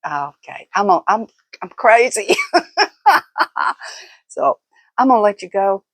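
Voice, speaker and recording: A woman's voice: mid-range voice, animated, slow, dry recording. An older woman, telling stories casually in a vlog, folksy and laughing often. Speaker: vlogger.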